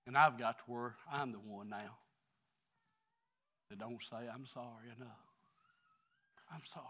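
A middle-aged pastor gives an earnest, confessional sermon in church, moving from quiet sections to loud ones. His voice is mid-range, his speed normal, and he leaves long pauses.

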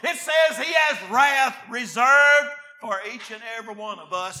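Male preacher, fiery sermon, high bright tone, slow deliberate delivery with shouted peaks. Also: expressive. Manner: swings from low murmured scripture reading to shouted exhortation.

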